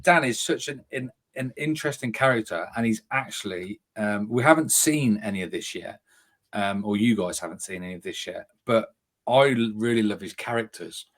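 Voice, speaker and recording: Male podcast co-host, deep and low-pitched, upbeat, teasing, laughs easily. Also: normal speed. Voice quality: deep, radio-style voice. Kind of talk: casual podcast chat.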